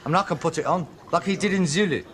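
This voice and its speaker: An actor playing an exasperated, scornful working-class son. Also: male voice, a little high, very fast, lightly acted. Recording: noisy old television sitcom recording.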